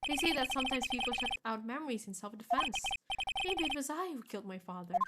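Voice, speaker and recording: A woman's voice: high-pitched, expressive, heavy background noise. Woman voicing a grave young male prosecutor. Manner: measured, grave reading. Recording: loud game music behind.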